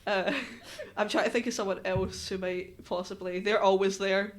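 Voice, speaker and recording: A woman's voice: mid-range voice, fairly even intonation, normal speed. A young woman co-hosting a casual racing podcast, giggly and teasing. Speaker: podcast co-host. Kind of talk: casual chat about racing.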